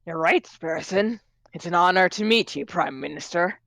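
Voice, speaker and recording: A woman's voice: fairly low pitch, normal speed, vocal fry, fairly bright tone, no room sound, faint music behind. A woman voicing a polite, earnest male lawyer in a visual novel. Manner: courteous, formal.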